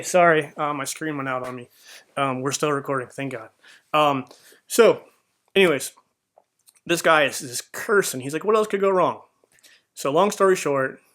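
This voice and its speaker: Man, bright forceful voice, earnest, casual storytelling, lots of ums. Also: on the high side. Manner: earnest storytelling with many fillers. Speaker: podcast host. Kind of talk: casual reflective monologue.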